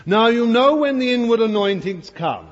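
A man's voice: very high voice, animated, normal speed. A man preaching a fervent sermon to a congregation, with emphatic asides to his listeners. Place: church hall before a congregation. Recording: dull, lo-fi recording with long hall reverb.

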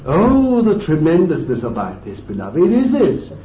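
A man preaching a fervent sermon, swinging from loud exclamations to hushed asides. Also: on the high side, wildly swooping pitch, normal speed, slight background noise. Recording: roomy, distant, dull lo-fi tape recording.

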